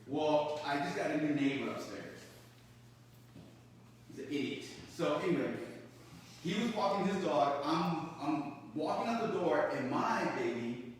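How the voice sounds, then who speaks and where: Guy chatting on a podcast, lively ups and downs, real echoey, sits back from the mic. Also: unhurried. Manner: animated, acts out quotes in a loud high voice. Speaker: podcast co-host. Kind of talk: casual chat, storytelling. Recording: echoey room, distant mic, faint noise.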